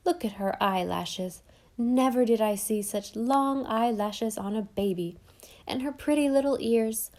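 A woman voicing a brisk, devoted elderly housekeeper who talks bluntly with old-fashioned sayings. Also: a little high, darkish tone. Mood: emphatic.

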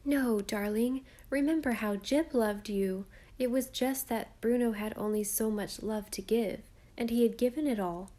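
Woman doing a soft gentle mom, soothing and unhurried, storybook. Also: on the high side. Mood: tender. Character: gentle, loving mother comforting her son.

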